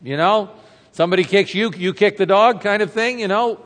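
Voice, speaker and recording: A man's voice: high-pitched, normal speed, fairly bright tone. A man preaching a sermon as a pastor, retelling a story in a conversational way and throwing rhetorical questions to the congregation. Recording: reverberant hall sound.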